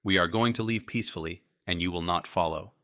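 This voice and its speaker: A man's voice: low-pitched, fast, pushed and bright, no echo, studio quality. A man doing a heavy-accented foreign gunman. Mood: threatening. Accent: heavy Spanish-speaking accent. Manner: curt and threatening, then desperate. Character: frightened gruff foreign gunman, adult man.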